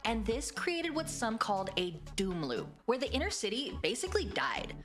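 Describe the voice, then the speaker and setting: A woman narrating a video essay in a measured, explanatory, scripted delivery. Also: a little high, huge pitch swings, a bit bright, soft background music.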